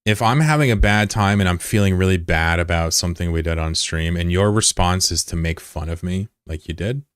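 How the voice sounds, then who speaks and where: A man's voice: deep voice, clean tone, no room sound, studio quality. A man livestreaming, talking casually to his chat and bluntly, heatedly scolding a viewer. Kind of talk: casual live-stream talk to chat.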